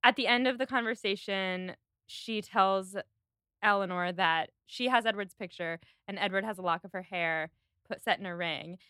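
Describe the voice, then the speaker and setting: Bright-voiced woman podcast host. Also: mid-range voice, normal speed, smooth, no echo, studio quality. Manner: animated, quotes characters in voices. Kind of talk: casual chat.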